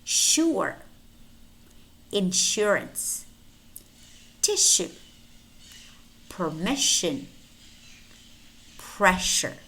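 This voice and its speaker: Slow, bright-voiced woman teaching pronunciation. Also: lowish voice, sing-song. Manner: repeats each word twice, clearly enunciated. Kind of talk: slow, deliberate pronunciation lesson.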